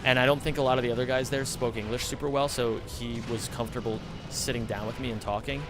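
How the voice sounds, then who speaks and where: A quick-paced young man from the United States, medium-pitched with fairly even intonation, chats casually during a game livestream. He rambles, swears a lot, and fills his speech with "like," while background music plays.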